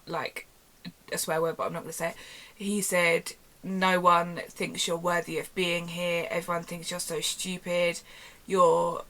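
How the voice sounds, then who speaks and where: A young woman casually telling a storytime vlog from her bedroom, animated and chatty, acting out quoted dialogue. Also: lowish voice. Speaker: YouTuber. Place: home bedroom. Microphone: camera on tripod.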